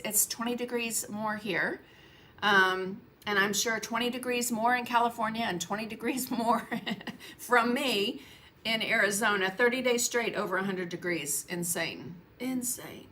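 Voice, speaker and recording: A woman's voice: fairly high pitch, fairly even intonation, normal speed, sharp tone, a little hiss or hum. Chatty woman hosting a painting livestream. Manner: chatty, greets viewers by name, laughs often. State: coughing, frog in her throat. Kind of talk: casual livestream chat. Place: home painting studio.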